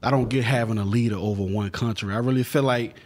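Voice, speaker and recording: A man's voice: mid-range voice, fairly even intonation, fast talker. A man guesting on a casual podcast, rambling playfully and tripping over his words. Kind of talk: casual comedic podcast banter.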